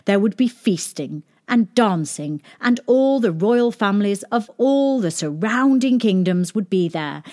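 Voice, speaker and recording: A woman reading a children's story. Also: mid-range voice. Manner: gentle, expressive storytelling.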